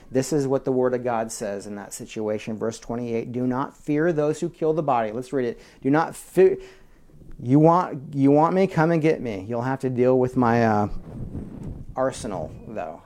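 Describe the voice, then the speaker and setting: Man, pastor, sermon, mid-pitched voice, whispers then shouts, calls for amens, chatty asides. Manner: animated preaching that swings from whispers to shouts; call-and-response with the congregation.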